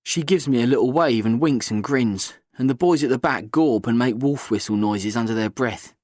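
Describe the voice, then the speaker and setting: A man's voice: mid-range voice, normal speed, darkish tone, no echo, clean studio sound. A man giving scripted first-person audiobook narration in a glum, tense storytelling manner.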